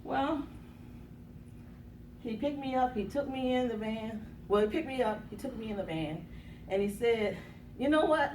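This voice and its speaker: A woman motivational speaker tells a dramatic personal story, acting out the quotes with gasps and bursts of laughter. Her voice is fairly high and darkish, with lively intonation and a moderate pace. She's recorded from a distance in an echoey conference room, with slight background noise.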